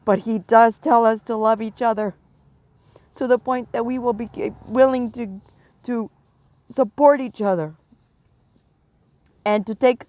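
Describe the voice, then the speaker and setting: A middle-aged woman giving a prophetic warning, stern and emphatic, pressing her points with slow repetition. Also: on the high side, fairly even intonation, darkish tone, no echo. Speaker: self-described prophet.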